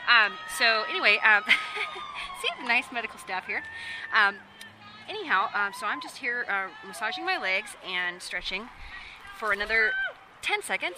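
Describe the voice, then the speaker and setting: A woman's voice: fairly high pitch, wildly swooping pitch, moderate pace. A woman recording a podcast outdoors during a marathon, chatty and laughing. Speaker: podcast host. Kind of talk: field recording mid-race. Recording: outdoor street noise.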